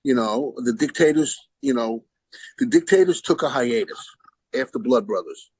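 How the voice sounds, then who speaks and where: A man's voice: mid-range voice, normal speed, breathy edge, dry recording, rough recording. A man telling a rambling story as a podcast guest, acting out the voices of the people he quotes. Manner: animated, acts out quoted voices; rambling with restarts. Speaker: guest musician. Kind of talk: casual anecdote telling.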